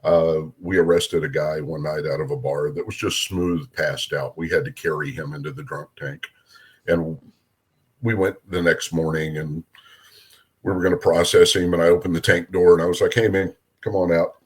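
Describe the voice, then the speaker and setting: A middle-aged man who polices in Minnesota recounts casual anecdotes, voicing the people in them with plenty of animation. He has a husky bass voice and speaks at a moderate pace.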